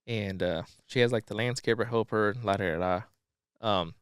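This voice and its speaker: Profane, animated storytelling man. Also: on the low side, normal speed, clean tone, no echo, clean studio sound. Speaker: podcast co-host. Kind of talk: casual plot recap.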